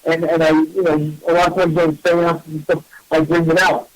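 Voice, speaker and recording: A man with a notably high speaking voice tells a story in a loose, animated, self-mocking way, throwing in mild swearing. The sound is dry and close, with no room around it. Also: brisk, no echo, rough recording. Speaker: psychic medium radio host. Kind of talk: casual storytelling.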